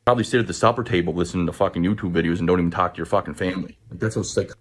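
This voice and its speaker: Husky, foul-mouthed ranting man. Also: low-pitched, very fast. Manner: profane, accusing, ranting. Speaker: rival streamer in a played clip. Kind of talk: angry rant.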